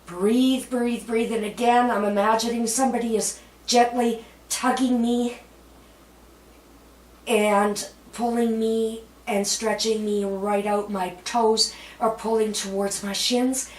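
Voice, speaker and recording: A woman fitness instructor calmly cueing floor exercises, chatty, laughing at herself, with cheerful whoops and slightly out of breath from exercising. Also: a little high, slow. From Canada. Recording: roomy echo, voice from a distance.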